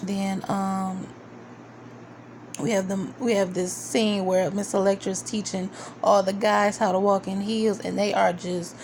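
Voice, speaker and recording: Woman reviewer, chatty episode recap, plays out characters' lines, mid pitch, light noise behind. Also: a little slow. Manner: chatty, quotes characters in animated asides. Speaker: video reviewer. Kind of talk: casual TV recap.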